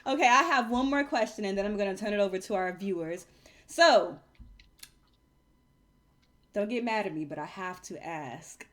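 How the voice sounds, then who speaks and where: A woman hosting a casual chat show, lively and quick to laugh. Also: mid-range voice. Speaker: host.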